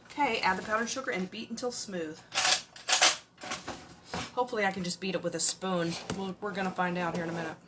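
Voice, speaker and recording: A woman's voice: lowish voice, very noisy. A woman, chatting to viewers through a casual cook-along at home. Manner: chatty, talks to viewers while working. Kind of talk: casual cooking livestream. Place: home kitchen. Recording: kitchen with clattering dishes and utensils.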